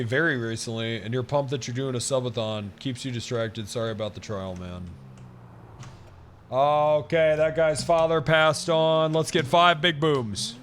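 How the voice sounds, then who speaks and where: Lively laughing male streamer. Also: medium pitch, slight background noise. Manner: profane, laughing often, quick to mock outrage. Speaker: livestreamer. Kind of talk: casual livestream chat with viewers.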